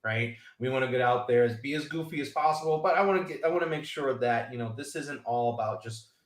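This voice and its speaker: A man chatting on a golf live stream, wandering through a long story and acting out the other people's lines. His voice sits in a middle pitch and carries the echo of a roomy space. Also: fast. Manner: rambling storyteller, acts out quoted voices. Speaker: golf podcast co-host. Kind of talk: casual live-stream chat.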